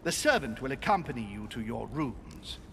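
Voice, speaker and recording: An actor playing a courteous aristocratic manor host in a video game, speaking politely and smoothly. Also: male voice, mid-range voice, sing-song, moderate pace, heavy background noise.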